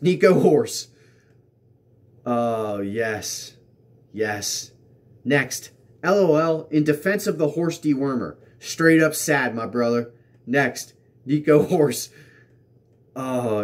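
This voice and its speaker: A man hosting a political commentary show, reading out tweets and mocking them sarcastically, repeating lines for emphasis. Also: mid-range voice.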